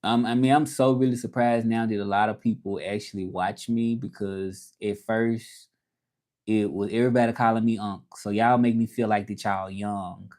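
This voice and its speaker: A man's voice: on the low side, steady tone, normal speed, darkish tone. Man rambling on a livestream. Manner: rambling, restarts, reads chat aloud. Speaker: livestream host. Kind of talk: casual livestream chat, reading comments. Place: home, livestreaming from Mexico.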